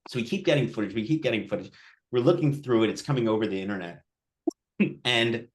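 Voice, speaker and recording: A male film director at a post-screening Q&A, telling a story casually, acting out quoted voices, with many restarts. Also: on the low side. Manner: animated, acts out quotes, frequent restarts.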